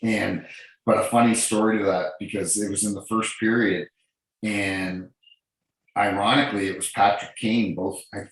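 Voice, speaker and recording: Deep-voiced man in an echoey room. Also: fairly even intonation, moderate pace. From New Brunswick, Canada. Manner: earnest, repeats and restarts phrases, tells anecdotes. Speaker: guest, former hockey referee. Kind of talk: casual interview talk.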